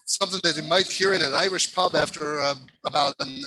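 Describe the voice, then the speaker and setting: A man's voice: fairly high pitch, fairly quick, sharp tone, a little hiss or hum, poor audio. A man coaching a choir over a video call, giving precise notes and singing short examples. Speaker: vocal coach.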